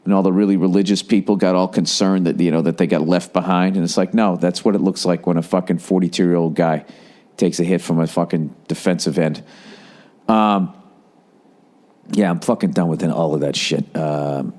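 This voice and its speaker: A man's voice: low voice, moderate pace. A middle-aged man hosting a podcast, telling a rambling, profane story and nursing a lingering cough. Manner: profane, rambling, animated impressions. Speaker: podcast host. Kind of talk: casual storytelling monologue.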